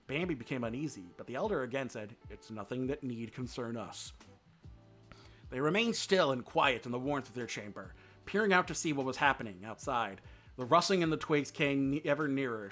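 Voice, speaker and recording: A man reading a book aloud on a live stream, with expressive pacing and dramatic pauses. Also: mid-range voice.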